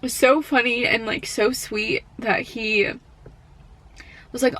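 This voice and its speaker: A young woman in college telling a personal story in a vlog, speaking softly and haltingly with many fillers, at times close to tears. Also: on the high side, steady tone. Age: young adult. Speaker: college student.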